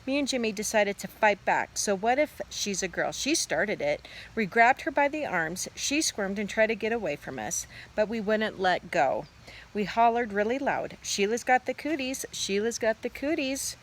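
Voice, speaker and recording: A woman teacher in a relaxed, chatty way reading a children's book aloud outdoors. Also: medium pitch, moderate pace, low-quality recording. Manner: relaxed, chatty, expressive reader.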